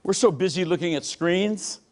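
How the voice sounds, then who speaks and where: Man, motivational keynote speaker, punchy storytelling with shouted bursts, high voice. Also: normal speed. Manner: animated, punchy, bursts into shouts and acted-out quotes. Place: large hall before a live audience.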